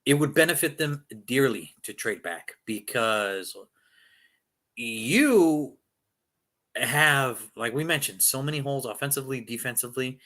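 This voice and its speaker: Lively, bright-voiced man talking sports. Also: mid-range voice, unhurried. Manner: emphatic and exasperated, rhetorical questions. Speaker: sports podcast co-host. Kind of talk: casual sports talk.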